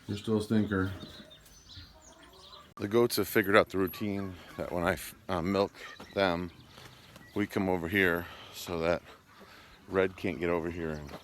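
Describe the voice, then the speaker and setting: Speaking deeply and steadily at a measured pace with long pauses, this thirties homesteading vlogger has a slightly bright tone. He's at a farm gathering outdoors, casually talking to animals, viewers and friends amid background noise.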